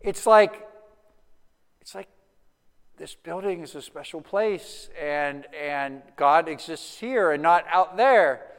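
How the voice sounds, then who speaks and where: A man preaches from a church sanctuary, his voice smooth, resonant and a touch higher than most. He tells stories conversationally, restarting sentences as he goes. Long reverb from the hall trails each phrase. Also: slow. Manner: conversational, animated storytelling with restarts. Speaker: pastor. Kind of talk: sermon.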